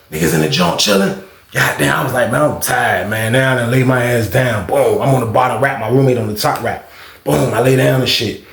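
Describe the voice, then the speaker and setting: A man telling a casual storytime vlog, profane and animated, acting out noises and other people's voices. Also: mid-range voice, brisk, vocal fry. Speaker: storyteller recounting prison life. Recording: echoey room.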